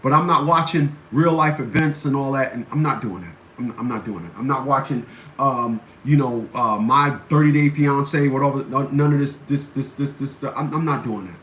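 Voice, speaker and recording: A man's voice: mid-range voice, moderate pace, a bit bright. A male show host giving blunt, combative commentary and hammering his points home with repetition. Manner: blunt, combative, repeats phrases for emphasis. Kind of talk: ranting commentary. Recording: roomy echo, faint background noise.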